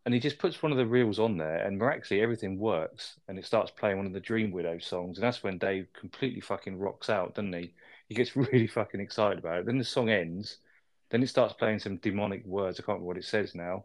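A man talks over film scenes in casual podcast chat, often ending with "isn't it?" His voice sits a little low, and he swears freely as he recaps. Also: quick pace. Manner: sweary, chatty, seeks agreement with tag questions. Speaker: podcast co-host reviewing a film.

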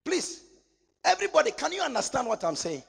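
Man preaching, high lively voice, raspy, swings from shouts to whispers. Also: fairly quick. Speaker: pastor. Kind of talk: sermon.

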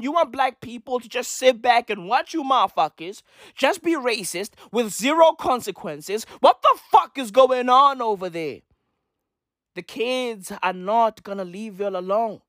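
A man's voice: very high voice, fairly bright tone, dry recording, studio quality. A man podcaster delivering a profane, emphatic rant, repeating his points over and over. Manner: emphatic, repetitive, heavy swearing. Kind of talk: profane ranting commentary.

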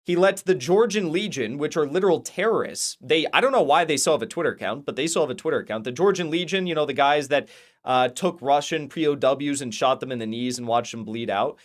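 A man's voice: on the high side, a little fast. A man hosting his own commentary channel, ranting casually and heatedly, with lots of restarts and swearing. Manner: rambling, heated, profane, many restarts. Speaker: political commentary channel host.

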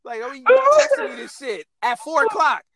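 A man's voice: extremely high pitch, wildly swooping pitch, brisk, crowd noise. A man in casual chat, angrily ranting with heavy swearing about his kid's teacher. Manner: heated, profane ranting with laughs. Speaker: parent venting about a teacher.

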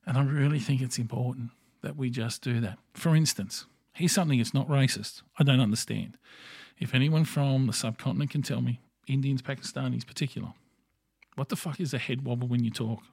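A man's voice: mid-range voice, a little fast, creaky, darkish tone, husky, no room sound, clean studio sound. A middle-aged man with an Australian accent, hosting a podcast and delivering a blunt, profane, opinionated solo monologue. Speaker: podcast host.

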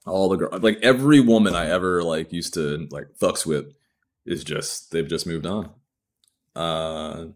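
A man's voice: very deep voice, steady tone, moderate pace. A man who is a stand-up comedian, talking candidly and rambling in a solo video podcast, self-deprecating and swearing freely.

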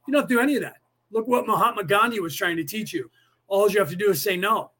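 High-voiced man rambling conspiratorially. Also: fast talker, sharp tone. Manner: rambling, conspiratorial, addresses listeners directly. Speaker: podcast host. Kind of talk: casual live-stream monologue.

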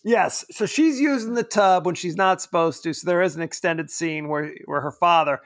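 A man co-hosting a podcast, rambling and joking in casual movie chat, quick to laugh. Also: sits high, a bit bright, no echo, studio quality. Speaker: podcast co-host.

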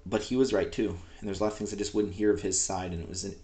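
A man's voice: low voice, level tone, quick pace, mellow. A man in his twenties from Canada, rambling frankly and profanely in a personal audio diary. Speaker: vlogger.

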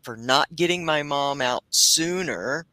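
A man's voice: a little high, takes it slowly, bright, forceful tone, dry recording, poor audio. A man hosting a livestream as a reverend, speaking earnestly and emphatically about feelings and spiritual growth. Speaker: host and reverend. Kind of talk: reflective heartfelt talk.

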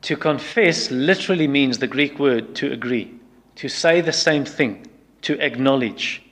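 Emphatic preacher in a reverberant hall. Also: male voice, mid-range voice, lively intonation, a little slow, fairly bright tone. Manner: emphatic, repeats lines and acts out excuses in quoted voices. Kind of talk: sermon.

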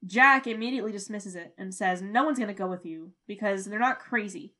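This podcast co-host is a young woman who laughs a lot, curses freely and stays animated throughout the casual conversation. Her pitch is medium, and she speaks a little on the fast side.

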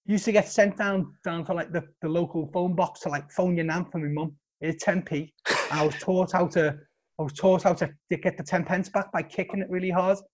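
A man's voice: high-pitched, steady tone, brisk, darkish tone. A man from England who is a guest on a podcast, talking casually and joking, swearing freely.

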